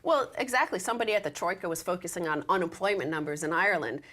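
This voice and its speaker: A woman's voice: lowish voice, quick pace, a bit bright. A woman co-hosting a show, commenting on the news and reading out articles in a dry, wry way. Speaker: show co-host.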